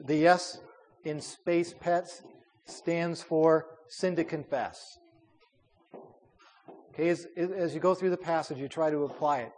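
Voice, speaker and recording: A man's voice: a little high, darkish tone, a little hiss or hum. A man leading a Bible study as a pastor, talking in a conversational way with fillers and repeated words. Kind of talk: informal Bible study teaching. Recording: long hall reverb.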